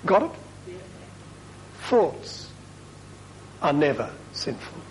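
Chatty priest, emphatic asides, higher voice. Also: male voice, sing-song, extremely slow, slight background noise, low-quality recording. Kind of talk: talk to a parish group.

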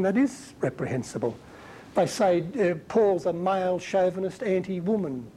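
A man giving a conversational Bible teaching as a preacher, talking in an animated, colloquial and emphatic way. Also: a little high, slight background noise, rough recording.

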